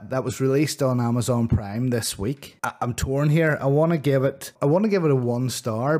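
A man's voice: mid-range voice, a little mellow. A man hosting a casual film review chat, talking in a rambling way with frequent restarts. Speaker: movie review podcast host.

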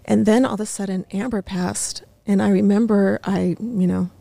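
A woman in her thirties, a podcast guest in a studio, telling a painful personal story haltingly, with many fillers and restarts. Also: mid-range voice, steady tone, creaky, dark tone, dry recording.

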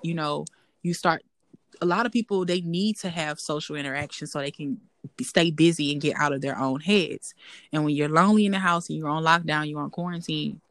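A young woman co-hosting a casual podcast, her voice gravelly with a touch of fry. She talks candidly and reflectively, circling back to repeat her points, and the sound is close and dry. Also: sits low, steady tone, a little fast, a bit bright, no echo. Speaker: podcast co-host. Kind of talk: casual chat.

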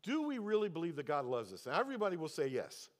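Older male pastor, sermon, animated storyteller, long hall reverb. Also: fast talker. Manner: storytelling, acts out dialogue with pitch jumps.

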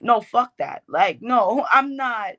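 A woman's voice: on the high side, slow, dull audio. A young woman from the Bronx with a New York accent, a poet talking casually in an interview, loose and slangy with lots of fillers. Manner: loose, slangy, animated storytelling with many fillers. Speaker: poet guest.

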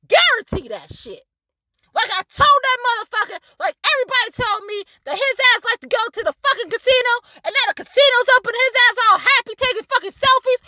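A woman's voice: extremely high pitch, expressive, fairly quick, pushed and bright, no echo. A woman delivering a furious, profanity-laced rant as a local activist, repeating herself for emphasis. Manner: fiery, cursing, repetitive and emphatic. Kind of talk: angry profane rant to camera.

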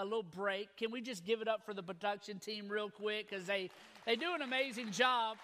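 A man, preaching a sermon in a folksy, energetic, repetitive way. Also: high-pitched. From Louisiana. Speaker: pastor.

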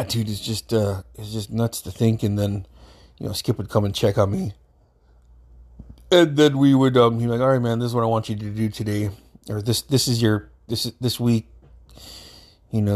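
A man's voice: fairly low pitch, a little mellow. A man in his thirties from Alaska, telling a casual, rambling story with lots of fillers and swearing. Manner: rambling, laid-back, frequent fillers and swearing.

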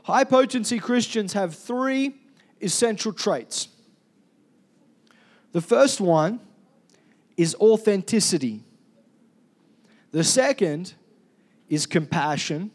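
A man preaching a sermon, loud and energetic, calling on the congregation to repeat words after him. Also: high voice, slow, pauses often. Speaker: pastor.

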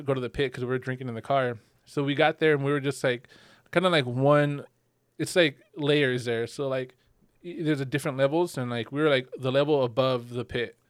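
A man's voice: medium pitch, smooth, no room sound, studio quality. A young man co-hosting a podcast, telling stories casually with many fillers and acted-out quotes. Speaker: podcast co-host. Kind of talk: casual chat.

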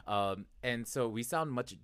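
A man co-hosting a podcast in casual chat, rambling with lots of fillers and animated asides. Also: medium pitch, unhurried, clean tone, no echo, studio quality. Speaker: podcast co-host.

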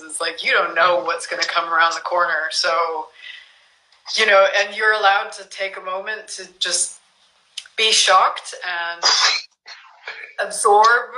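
A woman's voice: fairly low pitch, sharp tone, reverberant, rough recording. A woman guest in a casual chat, thoughtful and reflective.

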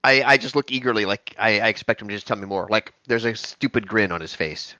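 A man playing a tabletop game, playful and animated as he describes his character. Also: lowish voice, fast talker, no room sound, highs cut off. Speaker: player.

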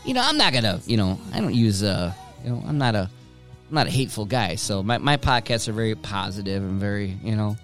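A man's voice: on the low side, big pitch swings, a little fast, a bit bright, faint music behind. A man hosting his own podcast from home, rambling casually with lots of swearing and self-directed jokes. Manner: profane, rambling, joking with himself. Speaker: podcast host.

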